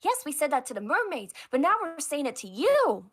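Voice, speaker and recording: A woman's voice: high-pitched, very animated, a little fast. A woman acting as game master, narrating a tabletop role-play with dramatic, stammering storytelling.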